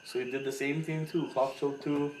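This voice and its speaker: A man from Hawaii tells a story in casual chat and acts out the other people in it. His voice sits at a middle pitch and sounds a little distant, in a room with a clear echo and a faint hiss. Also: moderate pace. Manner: animated storyteller, acts out quotes with loud laughing voices. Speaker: podcast co-host. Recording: echoey room, mic at a distance, faint noise.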